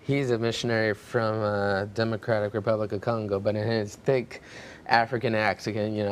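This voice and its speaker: A man's voice: fairly low pitch, flat delivery, moderate pace, a little hiss or hum. A man who flies supply flights, speaking plainly as a guest on a TV panel. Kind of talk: TV panel discussion.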